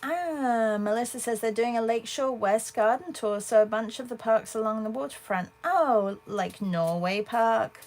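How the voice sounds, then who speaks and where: A woman's voice: on the high side, normal speed, hardly any pauses, a little mellow. A woman hosting an art livestream, chatting casually and answering viewers as she paints. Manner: chatty, thinks aloud and answers viewers' comments.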